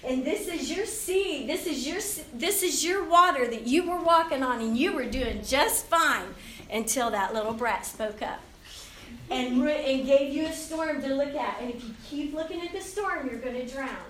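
High-voiced woman in her fifties, laughing often. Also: moderate pace, slight background noise. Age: 50s. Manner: chatty and animated, laughing often, acting out inner voices. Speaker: youth speaker. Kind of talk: informal Christian talk to young people. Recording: roomy, distant hall mic with faint ambience.

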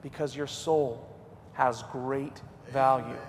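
A middle-aged man preaching a revival sermon in a church, swinging between loud and hushed. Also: mid-range voice, fairly even intonation, slow pace, gravelly. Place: church sanctuary. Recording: long hall reverb.

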